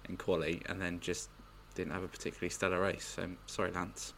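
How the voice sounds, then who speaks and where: Very deep, sharp-toned man on a podcast. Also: flat delivery, fairly quick, vocal fry, slight background noise. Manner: hesitant, with restarts and small laughs. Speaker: podcast co-host. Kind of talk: casual sports podcast chat.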